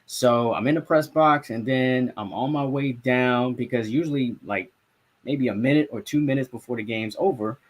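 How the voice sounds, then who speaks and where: A man's voice: medium pitch, moderate pace. A young man from South Florida, a sports podcast co-host and reporter, telling a story in casual sports talk. He acts out his own reactions and swears freely.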